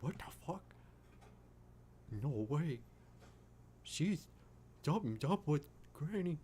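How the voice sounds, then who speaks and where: A man's voice: on the high side, animated, drawn-out words, mellow, slight background noise, voice pushed up. A man voicing a panicked family dog that keeps swearing in alarm. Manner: frantic and cursing.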